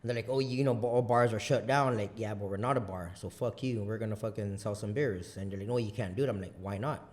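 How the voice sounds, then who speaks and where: A man from Guam, a business owner guesting on a podcast, telling stories in casual chat, swearing a lot and talking in an animated way. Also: fairly low pitch, fast, hardly any pauses. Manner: profane, animated storyteller.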